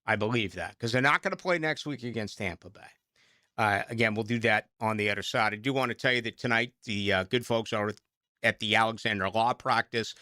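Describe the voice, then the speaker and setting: A man's voice: fairly low pitch, fairly quick, pushed and bright, no echo, studio quality. A middle-aged man with a Boston accent, hosting late-night sports talk radio in a rambling, self-mocking way.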